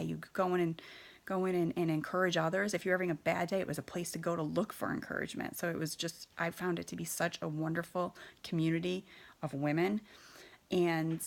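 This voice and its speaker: A woman in her thirties shares her personal story in a candid, unpolished way. Her voice sits low with a gravelly fry, and she often pauses, restarts and fills gaps as she talks. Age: 30s. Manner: candid, hesitant, many fillers and restarts.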